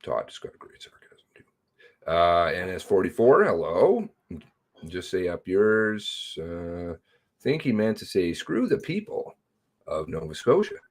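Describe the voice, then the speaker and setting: Slow, sardonic man hosting a livestream. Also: deep voice, wildly swooping pitch. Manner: drawling, sardonic, greets viewers by name. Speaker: livestream host reading chat. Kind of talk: casual livestream chat.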